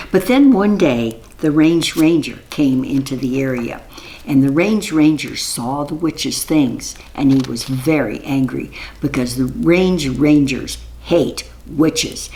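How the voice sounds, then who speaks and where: A woman reading a children's story aloud in a gentle, rhythmic, repetitive telling. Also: low voice, low-quality recording.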